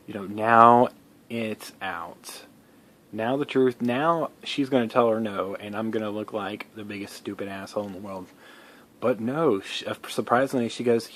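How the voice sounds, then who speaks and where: A man's voice: fairly low pitch, fairly even intonation, moderate pace. A man telling a personal story in a casual vlog, rambling, with many fillers, restarts and some swearing.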